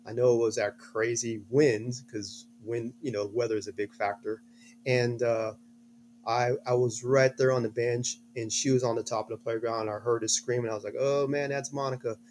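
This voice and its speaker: A middle-aged man with a slightly hoarse voice, a guest telling a story earnestly in an interview, restarting his phrases as he goes. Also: medium pitch, flat delivery, normal speed, darkish tone, slight background noise. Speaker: guest, a father.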